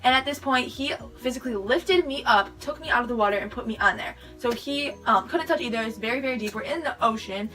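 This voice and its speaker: A teenage girl rushes through a rambling story for her vlog, words tumbling out with "like" everywhere. Her voice is bright and fairly high. She sounds a little far from the camera mic, with faint music in the background. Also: animated. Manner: rambling, filler-heavy retelling with lots of "like". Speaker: vlogger. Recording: sped-up audio from a distant mic with music behind.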